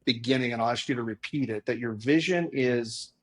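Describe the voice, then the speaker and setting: A man's voice: medium pitch, a little fast. A man hosting an interview, thinking aloud with restarts and encouraging his guest. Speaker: podcast host. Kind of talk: interview conversation.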